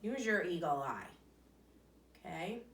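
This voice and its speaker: A woman teacher giving an online lesson to young children, speaking slowly and encouragingly and then reading a picture book aloud. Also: fairly low pitch, very animated, a bit bright, recorded from a distance. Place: home or classroom, filmed by a helper. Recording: echoey room, voice somewhat off-mic.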